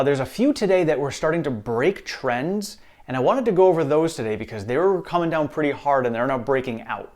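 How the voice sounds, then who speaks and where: Male investing host, mid pitch, casual and upbeat, reassures viewers directly. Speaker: stock market channel host.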